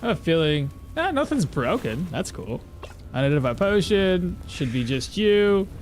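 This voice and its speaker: Over faint background music, a man with a high, sing-song voice gives live commentary at a moderate pace while playing a video game. He chats casually, thinks aloud, and replies to viewers in his chat.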